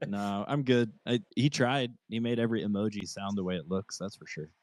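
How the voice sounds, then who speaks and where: A man's voice: lowish voice, brisk, a little mellow, no echo. A man joking easily while co-hosting a casual online community call. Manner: joking, easygoing.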